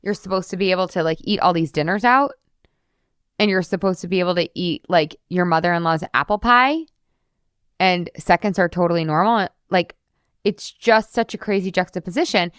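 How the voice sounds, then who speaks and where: A woman's voice: lowish voice, normal speed, a bit bright, clean tone, no room sound, clean studio sound. Chatty woman in her thirties, podcast host. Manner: chatty, heavy use of "like", casual swearing. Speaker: podcast host and weight loss coach. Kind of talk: casual solo podcast talk.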